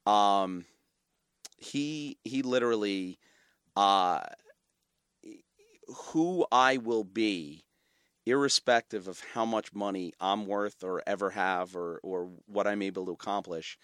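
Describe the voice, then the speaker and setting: A man, telling personal stories as a podcast guest, animated and full of fillers and restarts. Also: fairly low pitch, slow, smooth, no echo, studio quality. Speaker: guest, media company founder. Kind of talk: casual interview storytelling.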